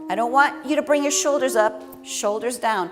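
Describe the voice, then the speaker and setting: Woman yoga-style instructor, slightly high voice, long reverb, music behind. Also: moderate pace. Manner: calm, encouraging cues, demonstrating while moving. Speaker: tantric practice instructor. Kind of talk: guided movement and breathing instruction. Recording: long hall reverb with clear background music.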